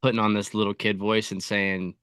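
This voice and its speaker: A content creator guesting on a podcast tells his story in a relaxed, casual interview, full of likes and you-knows. His voice is on the low side, flat, brisk and a bit bright, with a clean studio sound and no room echo.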